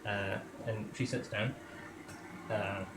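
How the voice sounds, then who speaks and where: A man's voice: lowish voice, steady tone, background noise. Rambling male game master, roomy sound. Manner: halting, repeats words while improvising. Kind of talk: narrating a tabletop game. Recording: roomy, music behind.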